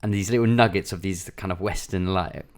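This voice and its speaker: A man's voice: deep voice, steady tone, a little fast, a little mellow, smooth. A man co-hosting a podcast, chatting casually and rambling with lots of fillers. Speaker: podcast co-host. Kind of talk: casual chat.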